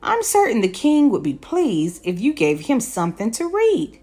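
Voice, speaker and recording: A woman voicing a wise owl in a storybook, hooting and calling out in a very high, loud voice. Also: huge pitch swings, moderate pace, faint music behind. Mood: instructive. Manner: hooting, shrill calls.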